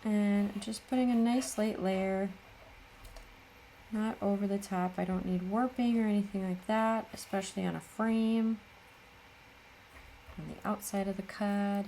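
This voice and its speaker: A woman's voice: medium pitch, fairly even intonation, normal speed, dark tone, a little hiss or hum. A middle-aged woman hosting a casual crafting tutorial, chatty and full of self-deprecating asides. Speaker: craft channel host.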